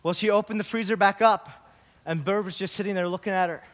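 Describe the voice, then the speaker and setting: A man pastor giving a sermon, opening with a story and then preaching slowly and earnestly. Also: high-pitched, steady tone, a bit bright.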